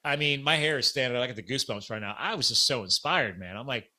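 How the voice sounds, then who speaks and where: Speaking quickly in a mid-range voice, this middle-aged podcast host tells a story in a casual, chatty way. He's animated and performs the quoted lines as he goes.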